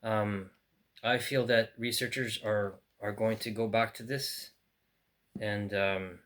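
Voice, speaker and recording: A man's voice: fairly low pitch, flat delivery, slow pace, a bit bright. Man rambling through a book unboxing. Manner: rambling, thinking aloud with fillers and restarts. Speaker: book collector. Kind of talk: casual unboxing vlog. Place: in France.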